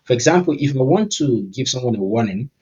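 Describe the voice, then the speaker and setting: A man's voice: medium pitch, expressive, a little fast, a little mellow, muffled recording. A man from Nigeria with a Nigerian accent, talking casually and upbeat through a tech tutorial as he thinks aloud. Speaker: tech YouTuber. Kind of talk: casual screen-recording tutorial.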